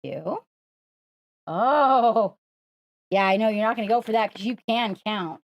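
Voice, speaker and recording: A woman's voice: mid-range voice, fairly even intonation, quick pace, no echo, lo-fi sound. A woman hosting a live stream, coaxing and praising her pet in playful sing-song talk. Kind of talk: live-streamed casual chat.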